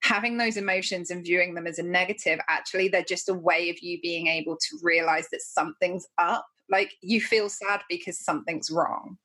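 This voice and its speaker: A woman's voice: fairly low pitch, fairly even intonation, a little fast, hardly any pauses, sharp tone. A woman hosting a podcast, talking in a thoughtful, reflective way. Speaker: podcast host. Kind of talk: casual podcast conversation.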